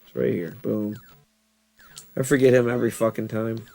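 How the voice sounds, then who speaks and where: A man's voice: on the low side, flat delivery, moderate pace, vocal fry, pauses often, a little mellow, faint music behind. A man giving casual gameplay commentary, telling rambling stories with frequent laughter and swearing. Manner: rambling, laughing, profane storytelling. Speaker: gaming channel host.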